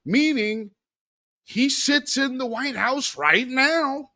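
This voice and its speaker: A male host giving a slangy, sarcastic political commentary monologue, emphatic and animated. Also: very high voice, slow pace.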